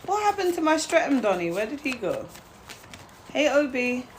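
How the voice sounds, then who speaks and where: A woman's voice: high voice, very animated, normal speed. Young woman, live-stream tarot host, blunt and chatty, laughs easily, faint noise underneath. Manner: blunt and chatty, greets viewers, laughs often. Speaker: livestream tarot reader. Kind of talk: casual live-stream chat.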